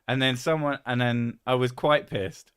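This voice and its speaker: Sweary laughing Londoner chatting. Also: male voice, medium pitch, fairly even intonation, normal speed, a bit bright, clear, resonant tone. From England. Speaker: podcast host. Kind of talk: casual chat while drinking whisky.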